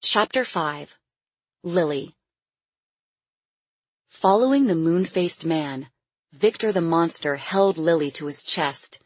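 A woman narrating a novel as an audiobook in a steady reading voice. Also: on the low side, slow, long pauses, slightly rough, no echo. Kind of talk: scripted narration.

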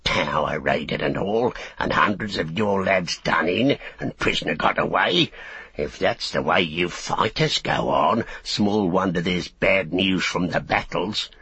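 A man's voice: low voice, animated, unhurried, pushed and bright, breathy edge, no room sound, exaggerated voice. A man voicing a small, sly orc tracker who snarls and whines. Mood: sneering. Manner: snarling, whining.

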